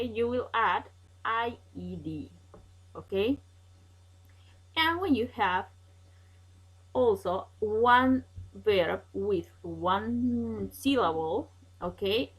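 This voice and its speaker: A woman's voice: fairly high pitch, rough recording. A woman teaching an English grammar lesson online, patient and repetitive, checking in with "okay?" often.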